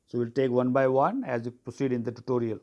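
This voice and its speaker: A teacher giving a tutorial, dictating notes, spelling terms letter by letter, often saying "okay". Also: male voice, mid-range voice, fast, a little mellow, highs cut off. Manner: repeats "okay" and "so", clears throat often. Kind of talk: classroom tutorial.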